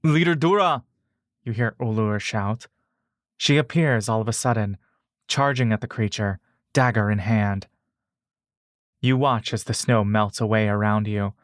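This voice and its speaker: A man reading a fantasy story aloud at an unhurried pace, steady and measured. The sound is dry and close, with no room around it. He speaks to the listener as "you" throughout. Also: fairly low pitch, dry recording. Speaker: narrator. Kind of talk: second-person audiobook narration.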